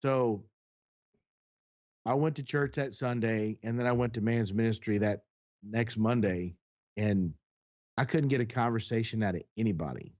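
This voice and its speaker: A man's voice: lowish voice, normal speed, pauses often. Guy on a podcast telling a story, acts out the back and forth, blunt, swears, kinda muffled lo-fi audio. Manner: animated storyteller acting out quoted exchanges, blunt and profane. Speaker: podcast co-host. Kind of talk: casual chat, storytelling.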